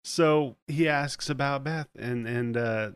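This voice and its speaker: A man hosting a podcast, casually retelling a movie plot in an animated way and swearing freely. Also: medium pitch, slow, smooth, no echo. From United States. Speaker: podcast host. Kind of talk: casual movie-review chat.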